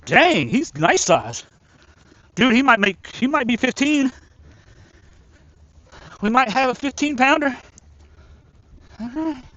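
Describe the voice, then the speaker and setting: A man streaming a fishing tournament live from a riverbank, chatting excitedly and talking to the fish he reels in. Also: very high voice, slow pace, pauses often, dry recording, highs cut off. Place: outdoors by a river.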